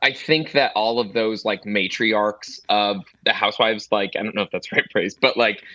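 A man who is a comedian, a guest on a podcast, telling pop culture stories in a quick, excited, self-mocking way. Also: fairly low pitch, dry recording, dull audio. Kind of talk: casual chat.

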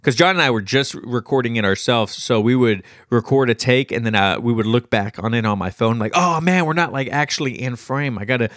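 A podcast host does a casual solo Q&A, rambling cheerfully through listener questions and laughing readily. His medium-pitched, fairly bright voice moves a little fast with hardly any pauses, captured close on a podcast mic in a small studio, no room sound.

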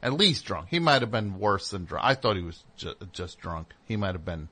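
Bright-voiced man telling a story. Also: low-pitched, normal speed. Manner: animated, acts out voices with loud outbursts. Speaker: host. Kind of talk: casual storytelling monologue.

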